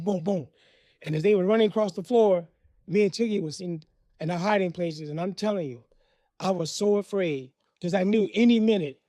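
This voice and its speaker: A man's voice: high-pitched, no echo, studio quality. A man telling a personal story from his childhood in a vivid, dramatic way. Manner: animated, vivid, dramatic pauses.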